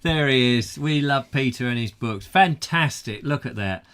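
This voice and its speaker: A male host of a comic chat show jokes and rambles through his banter. His voice swoops up and down in a very lively way. His pitch is ordinary for a man. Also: normal speed, clear, resonant tone. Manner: jokey, animated, rambling.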